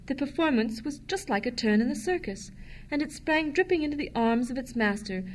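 A woman reading a children's storybook aloud with gentle, expressive narration. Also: sits high, brisk, a little hiss or hum. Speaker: audiobook narrator.

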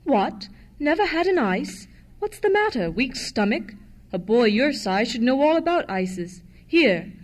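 A woman voicing a hearty, brusque ice cream seller calling out loudly. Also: sits high, very animated, a little slow. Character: gruff cheery ice cream man, adult male.

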